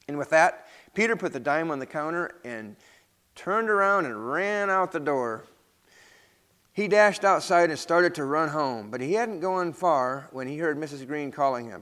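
A man with a slightly raised voice reads a story aloud to children. He tells it gently and sums up the moral. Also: a little high, animated, moderate pace, in a large hall. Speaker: children's story leader at church.

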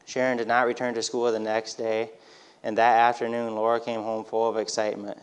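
A man reading a storybook aloud in a steady, gentle manner. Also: mid-range voice, fairly quick, clean tone.

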